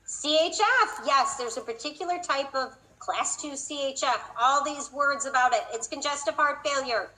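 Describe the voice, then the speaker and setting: A woman's voice: sits high, bright, forceful tone, low-quality recording. A woman teaching a class, explaining procedures and teasing her students in a playful way. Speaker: instructor. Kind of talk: classroom lecture.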